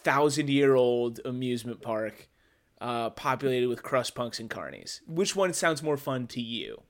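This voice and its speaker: A man co-hosting a podcast in casual chat, dropping quick deadpan jokes. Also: medium pitch. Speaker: podcast co-host.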